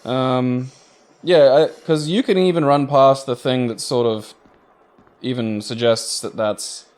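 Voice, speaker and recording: A man's voice: mid-range voice, unhurried, clear, resonant tone. Swearing, muttering man playing a game. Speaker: podcast co-host playing a video game. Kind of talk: casual gaming chat while playing.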